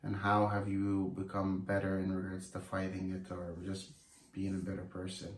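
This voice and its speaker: A young man asking and answering questions in a casual couple's Q&A vlog, speaking deliberately with many "um"s. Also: sits low, completely flat delivery. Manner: deliberate, hesitant with "um". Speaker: vlogger, husband. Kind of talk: casual Q&A chat. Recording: echoey, distant from the mic.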